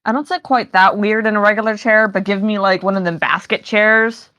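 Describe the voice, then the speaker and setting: A woman's voice: mid-range voice, fairly quick, fairly bright tone, dry recording, muffled recording. Chatty rambling woman on stream. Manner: rambling, frequent fillers and laughs, swears casually. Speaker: tabletop game player. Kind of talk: casual chat on a live stream.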